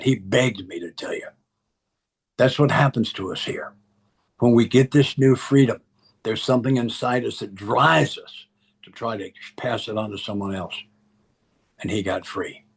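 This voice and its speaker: A middle-aged man with a husky, medium-pitched voice gives personal testimony to a recovery group. He speaks earnestly and emphatically, repeating key phrases.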